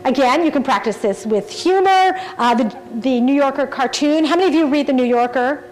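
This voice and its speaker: A woman's voice: sits high, a little fast, a little mellow, a little hiss or hum, low-quality recording. A middle-aged woman giving a conference keynote talk, engaging and often asking the audience questions. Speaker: keynote speaker. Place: large conference hall.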